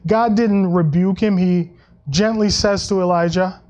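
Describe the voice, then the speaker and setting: High-voiced pastor preaching conversationally. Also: male voice, fairly even intonation, measured pace, muffled recording. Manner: conversational preaching with frequent restarts and soft laughs; acts out Bible quotes in a lower voice. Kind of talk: sermon.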